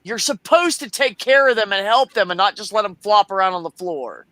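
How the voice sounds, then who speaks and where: A man's voice: sits high, expressive, brisk, a crowd in the background. A man in a casual chat, telling stories bluntly and with animation, and swearing freely.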